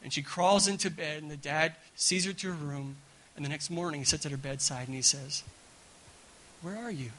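A man preaching at a church gathering with a bright, forward tone, sitting slightly high for a male voice. He is animated and conversational, often repeating words as he restarts. He keeps checking in with his listeners. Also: fairly quick, slight background noise, rough recording. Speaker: guest pastor. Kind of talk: sermon.

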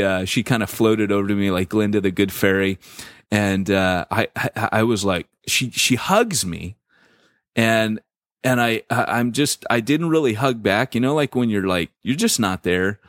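A middle-aged man co-hosting a podcast, telling a personal story in a casual, slangy, animated way full of fillers. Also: lowish voice, moderate pace, no echo, studio quality. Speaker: podcast co-host.

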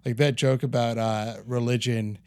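A man's voice: mid-range voice, level tone, darkish tone, smooth, no echo. A man speaks as a guest on a podcast, recorded close and dry. His talk is casual and playful, and he keeps slipping in teasing jokes. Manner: joking, quick teasing asides. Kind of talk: casual chat about comedy.

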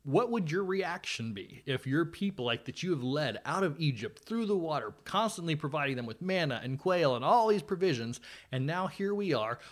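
A man's voice: on the high side, lively intonation, normal speed. A man hosting a podcast, chatting casually about scripture with a guest, conversational and sometimes sarcastic. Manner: conversational, with fillers and dry sarcasm. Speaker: podcast host. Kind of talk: casual Bible study chat.

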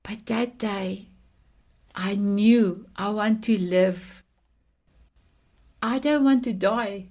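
A woman's voice: mid-range voice, drawn-out words, long pauses, a little mellow. A woman in her fifties from South Africa with a South African accent and Afrikaans as her first language, telling her personal story as a podcast guest in a heartfelt, affectionate way. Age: 50s. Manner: heartfelt, affectionate, repeats endearments.

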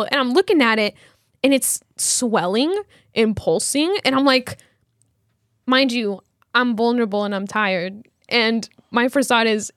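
Animated young woman telling a story. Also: sits high, moderate pace, no room sound, clean studio sound. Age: 20s. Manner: animated storytelling, laughs often. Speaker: podcast co-host. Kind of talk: casual chat.

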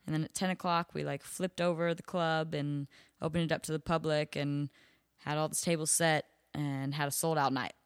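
Smooth, low-voiced young woman chatting casually. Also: flat delivery, normal speed, dry recording, studio quality. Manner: chatty, frequent "like" fillers, swears freely. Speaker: bottle service waitress, podcast guest. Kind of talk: casual storytelling chat.

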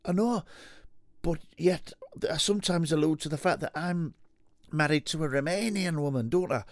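A man's voice: fairly high pitch, moderate pace, no room sound, studio quality, voice pushed up, natural voice. A man doing a comic impression of an easygoing male TV cook, drawling and calling everyone dude. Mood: matey. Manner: drawling, keeps agreeing, calls everyone dude. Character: easygoing bearded male TV cook, agreeable and sweary.

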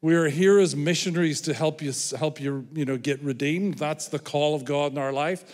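A man's voice: on the high side, normal speed, darkish tone. A man with an Irish accent preaching a sermon in a church, joking with the congregation about himself. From Ireland. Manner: self-deprecating, joking with congregation. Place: church hall. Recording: reverberant church hall.

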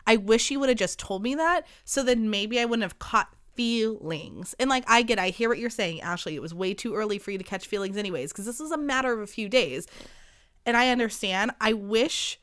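A woman's voice: fairly high pitch, brisk, clean tone, no room sound. Chatty young woman, dry close sound. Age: 20s. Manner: animated, frequent swearing and "like" fillers, acts out quoted dialogue. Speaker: podcast host. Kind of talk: casual storytelling monologue.

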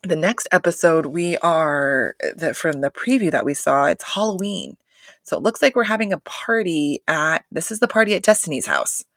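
A woman's voice: low voice, normal speed, fairly bright tone, dry recording, studio quality. A woman recapping a reality show in a chatty, filler-heavy way, with exclamations and swearing. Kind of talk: casual recap chat.

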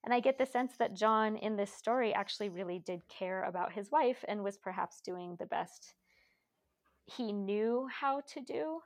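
A woman's voice: medium pitch, moderate pace. A woman co-hosting a podcast, reflecting aloud and analytically in a casual book discussion. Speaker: podcast co-host discussing literature.

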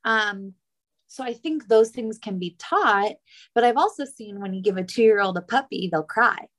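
A young woman hosting a podcast interview, talking in a chatty, rambling way and jumping up high when she quotes others. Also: moderate pace. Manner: animated, rambling, jumps high for quoted voices. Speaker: podcast host. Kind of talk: casual interview chat.

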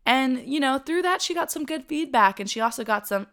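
A young woman co-hosting a podcast, telling a story in a chatty, animated way with frequent laughs. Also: high-pitched, normal speed. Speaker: podcast co-host. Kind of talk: casual storytelling chat.

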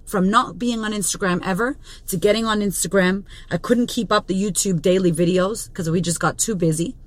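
A woman's voice: medium pitch, fairly quick. A woman in her thirties, a business coach and podcast host, delivering a blunt, profane motivational monologue with strong emphasis. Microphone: studio podcast mic.

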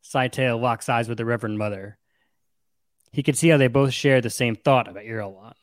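A man's voice: medium pitch, brisk, no room sound. A young man retells a story in casual chat, slipping into voices for the quotes. His voice sits in a middle register. The recording is close and dry, with no room sound. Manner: animated, acts out quotes with shifts in voice. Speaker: podcast co-host recapping a novel.

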